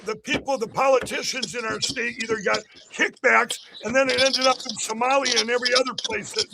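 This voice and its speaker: A political candidate giving an emphatic, repetitive rally-style interview on a podcast. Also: male voice, extremely high pitch, gravelly, noisy background.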